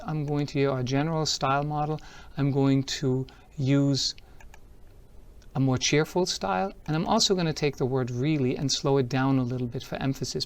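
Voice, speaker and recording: A man giving a product demo talk at a tech conference. He is upbeat and explains each step as he shows it. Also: a little high. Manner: upbeat, explanatory, walks through steps as he shows them.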